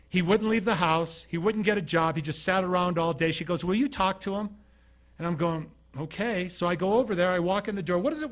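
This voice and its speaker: A middle-aged man speaking as a keynote speaker in a studio, with a slightly high voice for a man. He tells stories from his own life and acts out each quoted line of dialogue. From Utah. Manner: storytelling, acting out quoted dialogue. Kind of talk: motivational talk.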